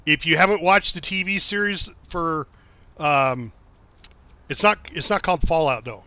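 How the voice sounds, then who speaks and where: A middle-aged man from the United States chatting casually on a game live stream, his voice bright and a touch high. He drifts through rambling stories full of swearing and answers viewers as they come in. The sound is dry and a little dull, like a basic stream mic. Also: normal speed, clear, resonant tone, dry recording. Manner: rambling anecdotes, frequent swearing and laughing asides. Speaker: game streamer reading chat.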